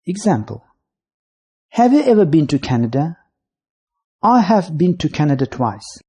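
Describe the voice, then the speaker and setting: A voice narrating a scripted English grammar lesson, reading out rules, lists of signal words and example sentences in a measured way. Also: medium pitch, very animated, mellow, breathy edge.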